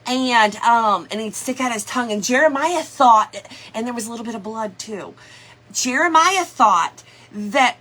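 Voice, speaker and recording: A woman's voice: on the high side, animated, a little slow, pushed and bright. A middle-aged woman chatting casually on a craft livestream, greeting viewers by name in a folksy way.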